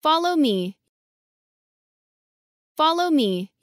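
A woman's voice: high-pitched, very animated, very slow, dry recording, clean studio sound. A woman reading short English phrases for learners, enunciating each one carefully and saying it twice. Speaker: English model reader.

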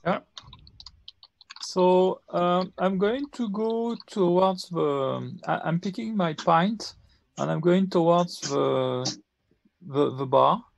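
A man playing a tabletop game, speaking haltingly and searching for words. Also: sits high, vocal fry. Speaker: player.

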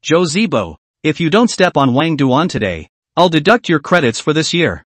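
A man's voice: fairly high pitch, sing-song, normal speed, a bit bright, dry recording. Male reader as sarcastic, proud teacher, dry close sound. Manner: sarcastic, scornful. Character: sarcastic middle-aged male enrollment teacher.

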